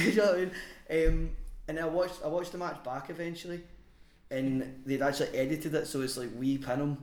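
A man's voice: mid-range voice, brisk. Man, podcast guest, sweary storyteller, laughs a lot, echoey room. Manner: sweary, laughing, animated anecdote. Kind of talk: casual storytelling.

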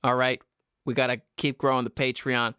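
A man's voice: mid-range voice, little pitch movement, moderate pace, bright, forceful tone, smooth, no room sound, clean studio sound. A man hosting his own podcast, ranting in a profane, exasperated way with self-mocking laughs, recorded in a basement at home. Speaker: podcast host. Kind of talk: casual ranting monologue.

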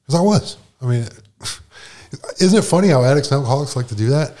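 A man's voice: mid-range voice, expressive, a little fast, warm tone. A man sharing his personal recovery story at a meeting in a casual storytelling way, acting out the conversations he retells. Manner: casual storyteller who acts out dialogue with "I'm like" and "she's like".

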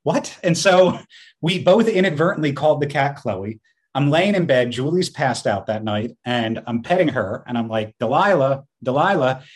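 A man in casual podcast chat who tells his stories with animation. His pitch sits at an ordinary middle height, and he laughs often as he talks. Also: animated, normal speed. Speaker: podcast co-host.

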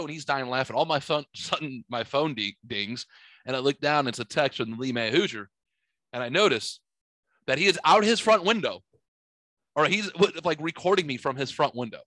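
A man's voice: mid-range voice, animated, normal speed, pushed and bright, no room sound. A man hosting a podcast, telling rambling, profane stories in casual chat. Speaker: podcast host. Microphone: studio microphone.

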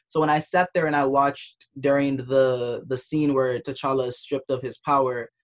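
A young man from the Caribbean talking through his thoughts in a casual discussion, pausing and restarting as he goes. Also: mid-range voice, little pitch movement. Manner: reflective, thinking aloud with restarts. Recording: dull, muffled audio.

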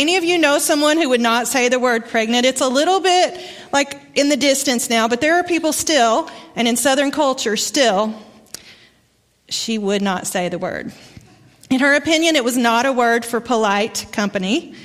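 Arkansas-accented woman preaching in a church. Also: sits high. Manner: warm, conversational storytelling with pauses. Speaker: guest preacher. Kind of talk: sermon. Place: church sanctuary. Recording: long church reverb.

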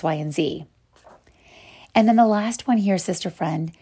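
A woman's voice: lowish voice, normal speed, darkish tone, breathy edge. A woman hosting a podcast and teaching a Bible devotional, speaking in an earnest, encouraging way to her listeners as sisters.

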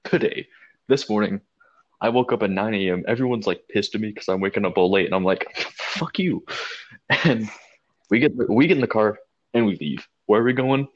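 A man co-hosting a podcast, telling a long story in a casual, animated and profane way. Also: on the low side, fast, highs cut off. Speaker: podcast co-host.

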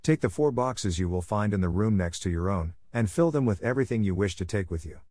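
A man's voice: fairly low pitch, expressive, fairly quick, a little mellow, dry recording, clean studio sound. A man reading as a doleful pleading beast. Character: sorrowful gentle male beast, pleading.

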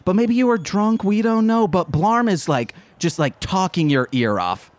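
A man runs a tabletop game as game master, rambling and animated, full of fillers and restarts. His voice sits a little above the usual male pitch. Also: normal speed, dry recording.

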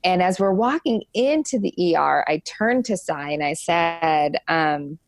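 A young woman speaks as an interview guest, her voice sitting on the lower side with a noticeable gravelly fry. She tells her story frankly and openly, halting often and filling gaps with "like" and "um". The sound is dry and close, with no room echo. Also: expressive. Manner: halting, lots of "like" and "um" fillers; frank and open. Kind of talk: candid personal storytelling.

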